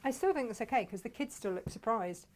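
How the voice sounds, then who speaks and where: Woman, higher voice, chatty gushing craft-show host. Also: lively intonation, quick pace. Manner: gushing, chatty, drops to whispers. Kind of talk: casual chat showing fabrics.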